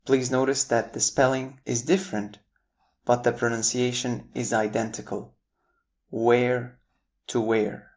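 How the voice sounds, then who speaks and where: A man with an American accent explaining confusing English word pairs in a clear, deliberate lesson, spelling words out letter by letter. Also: steady tone, a little mellow. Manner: upbeat jumps in pitch at each new word pair. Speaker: English teacher. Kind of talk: scripted lesson narration.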